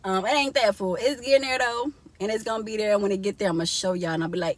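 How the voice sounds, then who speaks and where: A woman's voice: medium pitch, fast, few pauses. A young woman vlogging casually from inside a car, chatty and laughing often as she talks to her viewers.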